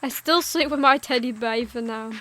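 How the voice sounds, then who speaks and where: A woman's voice: on the high side, normal speed, bright, forceful tone, pitched below the performer's own voice. A woman voicing a frightened fifteen-year-old boy who stammers and pleads, reading game dialogue aloud. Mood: pleading.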